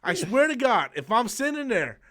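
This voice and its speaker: High-voiced man ranting and cursing. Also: very animated, normal speed, bright, forceful tone. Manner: profane, ranting, mocking, with mimicked quotes. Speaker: channel host. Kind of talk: casual live-stream chat.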